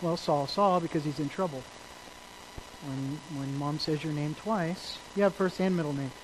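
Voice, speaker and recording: A man delivers an emphatic sermon in a high voice. He shifts between loud stresses and quiet asides and asks his congregation questions. Faint noise sits behind him. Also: normal speed, low-quality recording. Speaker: preacher. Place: church service.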